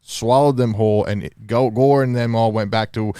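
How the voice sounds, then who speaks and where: A man's voice: on the low side, fairly even intonation, normal speed, mellow, clear, resonant tone, dry recording, studio quality. A man in a casual podcast chat who argues his point and keeps pushing back. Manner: argumentative, pushes his point.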